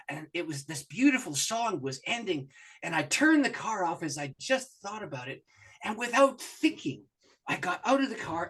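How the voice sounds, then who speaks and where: Animated pastor telling a story. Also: male voice, sits high, breathy edge. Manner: animated storyteller who acts out voices and laughs often. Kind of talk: storytelling in an interview.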